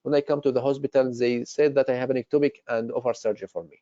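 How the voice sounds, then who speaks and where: Guy reading out a worried woman patient, keeps pushing her question, mellow voice, dull lo-fi sound. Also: medium pitch, steady tone, fast talker, no echo, close to an everyday voice. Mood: pleading. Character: woman patient after ectopic surgery, anxious, insistent. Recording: dull lo-fi recording.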